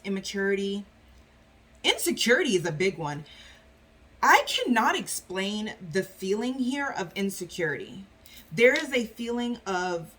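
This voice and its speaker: A woman's voice: medium pitch, a bit bright. Chatty woman doing a tarot reading. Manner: chatty, filler-heavy, acts out voices of spirit and clients. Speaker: tarot reader. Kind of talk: casual tarot reading monologue.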